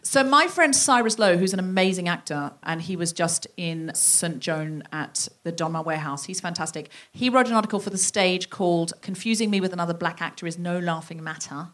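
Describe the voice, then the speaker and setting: A woman's voice: lowish voice, brisk, hardly any pauses, fairly bright tone. Enthusiastic woman hosting a live chat. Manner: enthusiastic, emphatic. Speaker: podcast host. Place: live show in a theatre.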